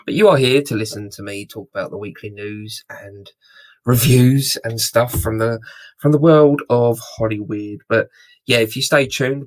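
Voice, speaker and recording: A man hosting a casual film news podcast, rambling and apologising often. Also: mid-range voice. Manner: rambling and apologetic, chatty asides.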